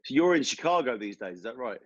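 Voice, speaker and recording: A man's voice: mid-range voice, sing-song, fast, dry recording. A man hosting a music interview, chatty and laughing along with his guest. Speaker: host. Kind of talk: casual interview over video call. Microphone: video call. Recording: dry, dull lo-fi call audio.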